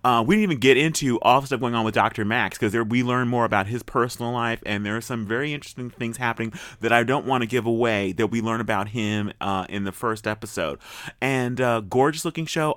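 A man hosting a TV review podcast in casual chat, excitable and rambling, laughing often. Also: medium pitch, fairly quick, clear, resonant tone, no room sound.

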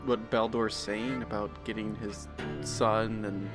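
A man playing a tabletop game tosses in quick jokes and asks the game master questions. Music is clearly heard behind him. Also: fairly low pitch, flat delivery. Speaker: player.

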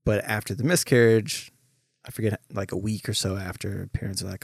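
A young man in casual conversation, relaxed and joking, laughing at his own stories. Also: fairly low pitch, a little fast, vocal fry, dry recording, clean studio sound.

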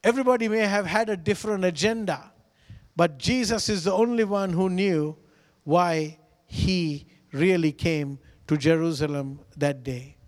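A man's voice: sits high, measured pace, big-room sound. A man preaching a sermon as pastor, earnest and pleading, repeating phrases for emphasis.

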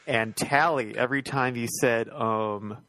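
A man's voice: mid-range voice, normal speed. A man co-hosting a podcast, telling school stories in casual chat and laughing as he goes. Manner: animated anecdote-teller who laughs through his stories. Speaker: podcast co-host.

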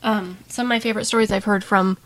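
A woman's voice: mid-range voice, steady tone, fast talker, crowd noise. A woman hosting an interview, speaking reflectively with frequent repeated starts. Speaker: host. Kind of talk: conversational interview.

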